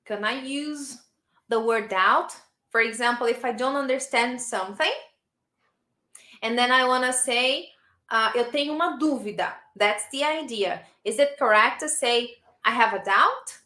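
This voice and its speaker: A woman from Brazil with a Brazilian Portuguese accent, teaching a live online English lesson and warmly praising her learners. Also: fairly high pitch, measured pace, roomy sound. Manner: encouraging, praising learners often.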